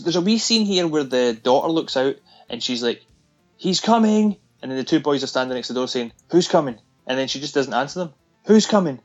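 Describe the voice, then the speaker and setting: A man excitedly recounting a zombie film's scenes and dropping into the characters' voices as he goes. The audio is a bit dull and lo-fi, with faint music underneath. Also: mid-range voice. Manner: animated retelling with laughs, acting out lines. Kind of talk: casual film discussion.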